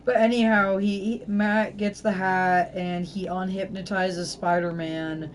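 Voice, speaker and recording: A woman's voice: medium pitch, level tone, measured pace, a little hiss or hum. A woman hosting a casual podcast chat, swearing freely and laughing often as she retells events. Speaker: podcast host.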